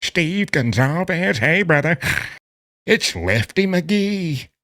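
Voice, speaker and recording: A high, slow, drawled voice of a careless, chummy male inmate, as a man puts him on for a mocking bit. the talk is dry and close with no room sound, and he stretches every word in a mock-friendly phone-call way. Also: sing-song, sharp tone, no echo, full character voice. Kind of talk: mocking impression in a commentary vlog.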